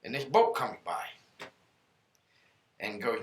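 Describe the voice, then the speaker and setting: A man's voice: medium pitch, animated, normal speed, pushed and bright. A man hosting a casual faith podcast, telling stories in an earnest, rambling way. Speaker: podcast host. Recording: roomy room echo.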